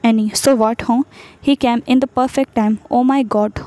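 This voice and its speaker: A woman's voice: fairly high pitch, fairly even intonation, moderate pace, warm tone, dry recording, close to an everyday voice. A woman voicing a cheeky, boy-crazy young woman friend in a fan fiction story. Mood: giddy.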